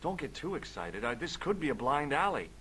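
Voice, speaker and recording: An actor playing a curious young adventurer who talks casually in a studio-recorded adventure game. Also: male voice, mid-range voice, very animated, a little fast, fairly bright tone, a little hiss or hum, rough recording. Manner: casual, inquisitive. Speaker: game protagonist.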